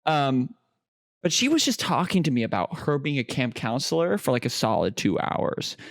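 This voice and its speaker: A man's voice: medium pitch, moderate pace, gravelly, no echo, studio quality. A young man co-hosting a podcast, telling stories in casual chat and laughing often. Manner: laughing often, animated storytelling. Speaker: podcast co-host.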